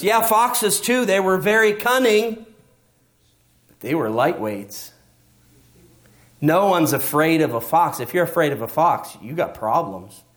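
A middle-aged man preaching a sermon in a lively, conversational way, swinging up and down in pitch for emphasis. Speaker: pastor.

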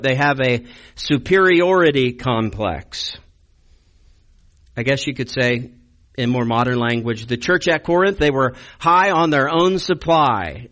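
A male pastor delivering a sermon in an easygoing, conversational way. He slips dry, wry humor between his points and keeps asking his listeners pointed rhetorical questions. His voice sits at an ordinary middle pitch for a man. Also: a bit bright.

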